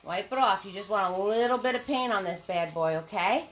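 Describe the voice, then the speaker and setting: A woman with a medium-pitched voice talks fairly quickly while leading a live painting class. She greets viewers individually, adding pet names like hon and sweetie as she chats. The room is echoey, with faint music behind her.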